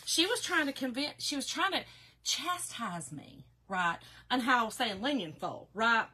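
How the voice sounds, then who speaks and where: A woman's voice: on the high side, lively intonation, moderate pace, bright, forceful tone, slight background noise. A woman with a Southern Appalachian accent, chatting casually to her viewers as a crafting host, telling stories and laughing often. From Kentucky and Georgia, USA.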